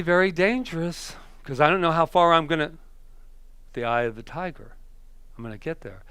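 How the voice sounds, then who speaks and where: A male minister giving a conversational sermon, telling stories that swing from emphatic to hushed. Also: fairly high pitch, clean tone, dry recording.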